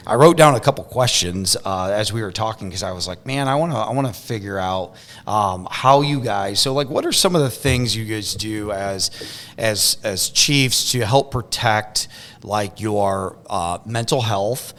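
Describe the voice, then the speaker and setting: A man's voice: on the low side, expressive, unhurried, a bit bright. A man hosting a podcast, talking casually and rambling, with lots of restarts and fillers. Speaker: podcast host. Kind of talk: casual conversation.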